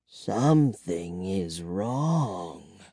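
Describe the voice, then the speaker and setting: Count Nightwing, a reader doing a hushed old vampire. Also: animated, husky, no echo, clean studio sound, heavily acted. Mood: ominous. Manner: low, slow and hushed; moaning, self-pitying. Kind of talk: audiobook reading.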